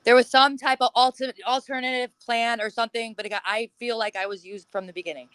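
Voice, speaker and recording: Blunt, bright-voiced woman guest. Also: a little high, fairly even intonation, quick pace, smooth, no echo, low-quality recording. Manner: blunt, heavy swearing, acts out past arguments. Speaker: interview guest. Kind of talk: casual chat.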